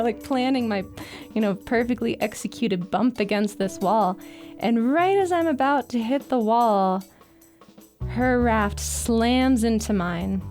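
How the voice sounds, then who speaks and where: A woman writer telling a personal adventure story in a casual, animated way, laughing often and filling with "like". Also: fairly high pitch, measured pace, faint music behind. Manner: lively, breathless retelling with laughs and "like" fillers.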